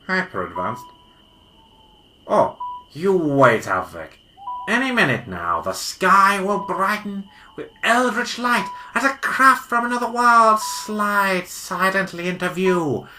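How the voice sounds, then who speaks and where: A woman voicing an excitable male time-travelling weasel doctor in a hobby audio drama, theatrical and bossy. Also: low voice, a little slow, slight background noise, exaggerated voice. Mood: excited. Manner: theatrical, bossy, easily bored.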